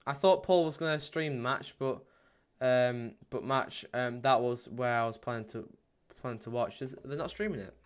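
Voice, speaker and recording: This watchalong host has a resonant, clear voice pitched in the middle range. His talk wanders casually from viewers' comments to describing the match, with frequent ums and restarts, and it speeds up into thrilled play-by-play when goals and chances arrive.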